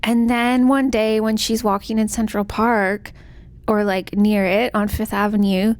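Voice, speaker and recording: A woman's voice: mid-range voice, flat delivery, measured pace, a little mellow, no room sound. A young woman casually recapping a novel's plot, chatty and full of "like", acting out the characters' lines. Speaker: book vlogger.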